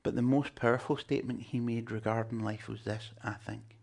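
A man's voice: medium pitch, fairly even intonation, a little fast, creaky, hardly any pauses, a little mellow. A man preaching a sermon, emphatic and joking with his listeners. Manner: emphatic, humorous asides to the congregation.

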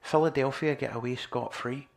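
A man preaching a sermon, earnest, moving between loud emphasis and quiet, near-whispered lines. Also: mid-range voice, steady tone, moderate pace, creaky.

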